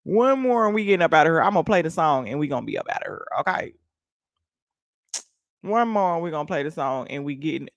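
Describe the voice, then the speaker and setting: A woman hosting a casual livestream, talking to her viewers in a loud, playful, hyped way and swearing freely. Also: medium pitch, huge pitch swings, a little fast, no room sound, studio quality. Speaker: livestream host.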